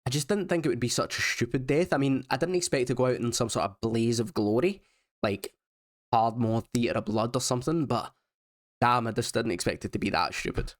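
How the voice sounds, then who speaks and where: A man's voice: mid-range voice, fairly quick. A man narrating his game progress in a casual voice-over, wry and self-mocking. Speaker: gaming YouTuber.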